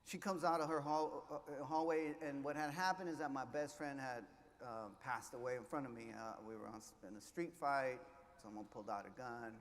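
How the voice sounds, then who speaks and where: A man's voice: mid-range voice, brisk. Passionate man giving a keynote in a hall. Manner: passionate, swings between hushed and loud, drops Spanish words. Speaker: keynote speaker. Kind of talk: inspirational keynote speech with storytelling. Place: large conference hall. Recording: echoey hall, faint ambience.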